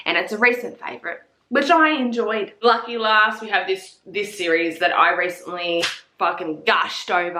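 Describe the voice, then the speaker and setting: Aussie woman gushing about books, sharp bright voice, swears a lot, echoey room. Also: medium pitch. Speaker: book reviewer. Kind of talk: casual chat.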